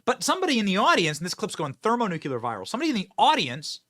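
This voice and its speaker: A man hosting political commentary, who talks in an energetic, emphatic, projecting way. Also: high-pitched, very fast. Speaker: host.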